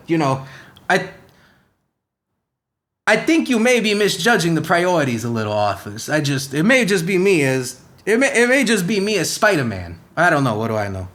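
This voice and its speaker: A brash, swearing young superhero rambles through a comedy podcast rant, as a man puts him on. The voice sits a touch high and leaps around with lively swings, firing one rhetorical question after another in a shaky put-on accent that keeps drifting. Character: brash profane young male superhero, ranting.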